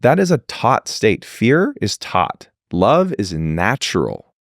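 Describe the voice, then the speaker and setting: A man speaking as a podcast guest in casual conversation, animated and blunt, swearing freely and acting out quoted dialogue. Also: fairly low pitch, slow, dry recording, clean studio sound. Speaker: podcast guest, leadership mentor.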